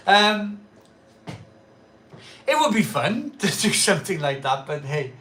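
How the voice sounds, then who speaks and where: Slow and sing-song, a middle-aged man's high voice comes through with a little hiss or hum. He's hosting a live craft beer stream a bit tipsy after a pint or two, chatting casually in a rambling, repetitive way and tossing out loud, cheery greetings.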